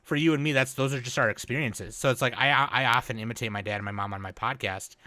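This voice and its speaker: A man's voice: mid-range voice, fast, dry recording. A man hosting a podcast, chatting casually and telling stories with plenty of swearing. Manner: profane, animated storyteller. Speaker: podcast host.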